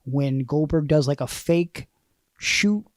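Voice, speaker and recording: A man with a slightly high voice tells long stories on a casual podcast. He recounts old events in detail, slipping in dry asides. His voice is close on the mic in a dry, dead room. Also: slow pace, dry recording. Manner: storytelling, recounts wrestling history with dry asides. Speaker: podcast host. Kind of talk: casual wrestling podcast chat.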